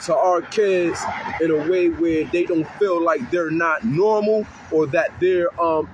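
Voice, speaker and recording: A youth worker talks on a city street corner in a high, animated voice, swearing freely and acting out the kids he works with. Faint traffic hums outdoors behind him. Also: rough recording. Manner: animated, profane, acts out kids' voices. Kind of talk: street interview talk.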